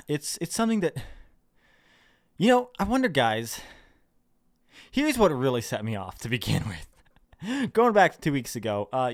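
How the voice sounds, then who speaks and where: Rambling, laughing man in a home office. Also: medium pitch. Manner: rambling, laughing, many fillers and restarts. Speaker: video creator. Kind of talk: casual vlog chat.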